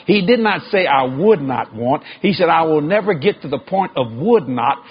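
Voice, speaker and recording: A man preaching a sermon to a congregation, with emphatic stresses and sudden high shouted climbs. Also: animated, normal speed, few pauses, breathy edge, highs cut off.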